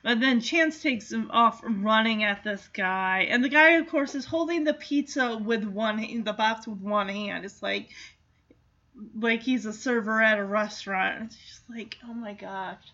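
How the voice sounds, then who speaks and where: A woman's voice: a little high, unhurried, bright, forceful tone. A woman casually recapping a family film in a chatty, giggly, enthusiastic way, with dull lo-fi sound. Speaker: film reviewer.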